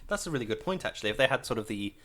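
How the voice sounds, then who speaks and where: A man talks casually as a podcast co-host. His voice sits at an ordinary pitch but rises and falls a lot, and he drifts into laughing asides. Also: big pitch swings, racing, fairly bright tone, slight background noise. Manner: chatty, laughs and trails off into asides. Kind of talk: casual chat.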